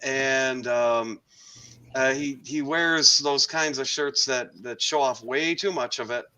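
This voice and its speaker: A man with a bright, forceful voice chatting on a podcast. He tells his anecdotes wryly, pausing on "um" as he goes. The delivery is relaxed and unscripted. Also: medium pitch, low-quality recording. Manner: dry, wry, with frequent ums. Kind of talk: casual chat.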